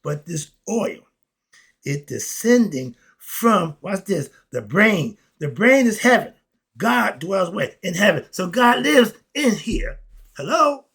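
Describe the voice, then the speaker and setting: A man lecturing about spirituality, asking and answering his own questions, with quiet asides and loud excited bursts. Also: sits high, takes it slowly, vocal fry, slightly rough. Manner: preachy, talks straight at the audience, asks and answers his own questions. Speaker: host.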